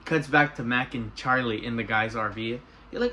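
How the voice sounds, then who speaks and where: A man in his own casual voice, rambling through a recap of a TV episode. He stops and restarts often and slips into quick impressions of the characters. A faint hiss sits under the voice. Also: medium pitch, lively intonation, pushed and bright, rough recording. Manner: rambling, restarts a lot, reenacts characters' lines. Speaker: TV episode reviewer.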